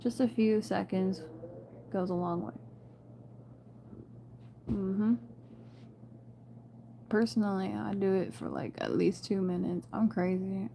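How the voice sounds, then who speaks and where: A woman's voice: mid-range voice, slow, vocal fry, long pauses, mellow, a little hiss or hum. Chatty woman giving a spiritual reading. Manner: chatty, laughs often, addresses viewers as "you guys" and "y'all". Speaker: tarot reader. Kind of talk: casual spiritual reading to camera.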